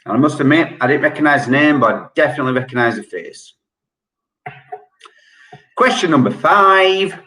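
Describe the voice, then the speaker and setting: A man hosting an online quiz, chatty and joking, reading each question slowly and repeating it. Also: on the high side, animated, bright, forceful tone. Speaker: quiz host. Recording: echoey room.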